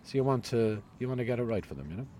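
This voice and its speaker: A man's voice: mid-range voice, animated, very fast, warm tone, slight background noise. A middle-aged man with a Cork Irish accent, a radio newsreader chatting as an interview guest, self-deprecating and full of stories. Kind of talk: casual interview chat.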